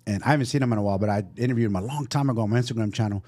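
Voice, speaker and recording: A man from San Francisco hosts a casual podcast, talking fast in a dark, mellow voice. He is blunt and profane, with a push-yourself motivational drive. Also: on the low side. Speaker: podcast host.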